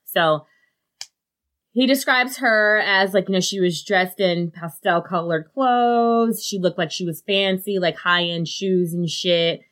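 A woman's voice: fairly low pitch, unhurried, a bit bright. A woman co-hosting a podcast, telling a story in loose casual chat, full of "like" fillers and swearing. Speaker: podcast co-host.

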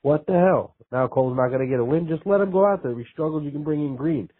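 Jersey guy calling in, raspy voice, tinny phone sound, venting and cursing. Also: fairly high pitch, quick pace. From New Jersey. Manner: frustrated, profane ranting. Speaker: caller.

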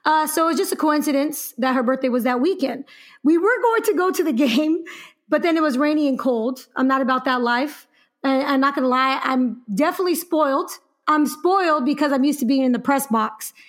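Young woman podcast co-host, high voice, chatty and laughing a lot as she tells stories. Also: brisk. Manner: lively storytelling, laughs often. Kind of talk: casual podcast chat.

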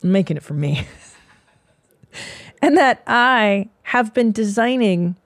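Woman host, 40s, gravelly and dry, swears freely in a rambling solo monologue. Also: mid-range voice, lively intonation, takes it slowly, no echo. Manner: profane, rambling, self-mocking. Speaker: podcast host.

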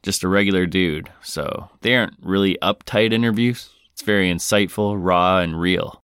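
With a moderate pace and a wry, deadpan manner, a podcast host reads listener mail in a very low, smooth, resonant voice. The audio is dry and close, without any room around it.

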